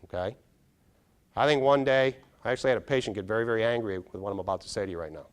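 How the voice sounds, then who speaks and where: A middle-aged man, a neuropsychologist, giving an animated conference keynote, quizzing the audience and acting out little scenes. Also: on the low side, racing. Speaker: neuropsychologist speaker. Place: large conference hall.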